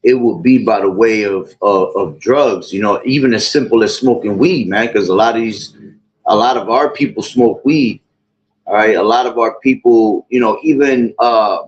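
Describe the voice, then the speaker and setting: A man's voice: fairly low pitch, normal speed, highs cut off, a little hiss or hum. A man hosting religious commentary, talking in a rambling way with many fillers like "you know" and "all right". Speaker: host of a religious talk channel. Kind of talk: preaching commentary.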